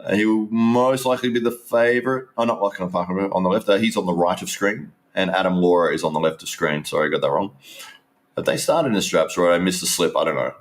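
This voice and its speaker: A man's voice: low-pitched, quick pace. A man giving casual, rambling live stream commentary, restarting sentences and talking straight to his viewers.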